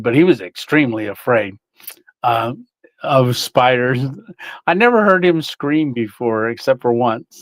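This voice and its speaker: A man's voice: mid-range voice, no room sound. A man hosting a casual livestream, reading chat, greeting viewers by name and laughing often.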